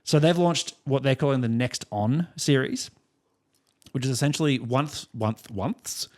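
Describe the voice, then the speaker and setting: Speaking at a measured pace in a mid-range voice, this young Australian co-host of a music podcast chats casually. His storytelling meanders, and he chuckles often as he goes.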